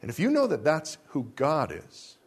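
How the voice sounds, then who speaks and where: A man preaching a sermon, asking the congregation rhetorical questions and swinging between soft, slow lines and loud ones. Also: a little high, huge pitch swings, breathy edge. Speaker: pastor.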